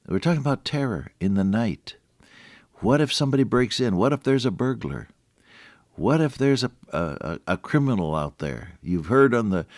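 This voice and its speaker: An older man delivers a radio devotional sermon in a deep, low voice. His pitch rises and falls freely as he talks in a folksy, conversational way and chuckles at his own jokes. The sound is dry and close, with no room echo. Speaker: radio preacher.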